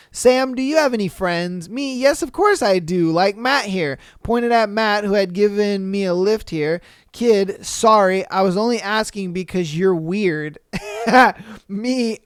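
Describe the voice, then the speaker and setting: A man's voice: sits high, clear, resonant tone, no echo, clean studio sound. Man, podcast host, reads posts, swears a lot, laughs, clean resonant voice. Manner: profane, slangy, laughing reactions. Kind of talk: casual podcast reading listener posts with commentary.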